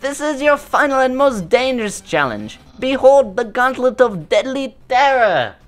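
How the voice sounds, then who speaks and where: A loud, boastful skeleton who proclaims every trap in a high, blaring voice, as a gamer puts him on over a let's play. He swings wildly up and down in pitch and shouts with theatrical pride, while faint game music plays underneath. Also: big pitch swings, a little slow. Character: loud boastful male skeleton puzzle-maker.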